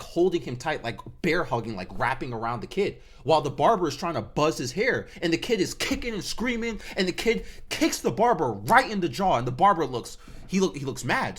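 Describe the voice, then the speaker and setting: A man telling a casual storytime rant, slangy and animated, acting out the sounds he describes. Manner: animated, acts out sounds and jumps between high and low pitch; slangy and conversational. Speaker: vlogger.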